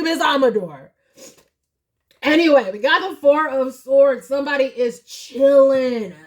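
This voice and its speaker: A young woman with a fairly high voice talks casually through a tarot reading to camera. She is openly emotional and tearful, dropping soft and low one moment and rising high and loud the next. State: tearful, crying at times. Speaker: tarot reader.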